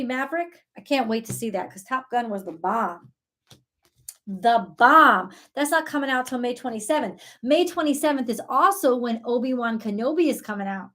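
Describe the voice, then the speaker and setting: High-voiced excitable woman reading tarot. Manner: excitable, talks to God and viewers, swears casually. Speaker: tarot reader. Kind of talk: live tarot reading chat.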